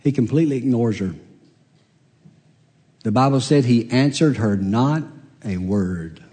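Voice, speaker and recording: A man delivers a sermon from the pulpit, moving at an unhurried, deliberate pace. He retells a story and slips into the voices of its characters. His voice rings out with a long reverb tail in a large church hall. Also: medium pitch, lively intonation, warm tone. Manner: storytelling preacher, acts out quoted voices. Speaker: pastor.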